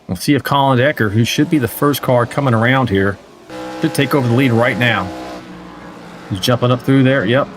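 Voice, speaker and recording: Guy commentating a sim stock car race, casual and jokey, reads the chat, mid pitch, car engines roaring behind him. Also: brisk, slight background noise. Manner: conversational, reads viewer chat aloud, joking asides. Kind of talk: live sim-racing play-by-play commentary. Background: racing car engines.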